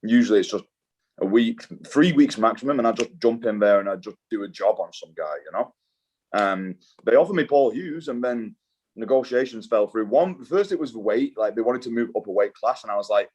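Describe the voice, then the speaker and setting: Brief: young British man, fairly low voice, relaxed and slangy, drops swears. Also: brisk, breathy edge. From Britain. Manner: laid-back, slangy, swears, says "dude". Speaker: guest, mixed martial arts fighter. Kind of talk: casual interview chat.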